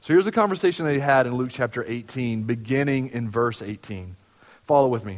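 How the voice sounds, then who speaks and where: A man preaching a sermon as pastor, talking conversationally and acting out everyday dialogue. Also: a little fast. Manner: conversational, acts out everyday dialogue with lively jumps in pitch. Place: church sanctuary. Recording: long hall reverb from the sanctuary.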